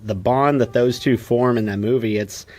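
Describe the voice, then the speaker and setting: Man, podcast co-host, casual movie chat, lively retelling, average pitch. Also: moderate pace. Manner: animated, acts out film dialogue in quoted voices.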